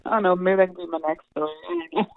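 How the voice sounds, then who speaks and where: A woman comic book writer chatting as an interview guest, animated and swearing freely, laughing often, heard over a tinny phone line. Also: lowish voice, racing, vocal fry, clear, resonant tone. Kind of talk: casual interview chat.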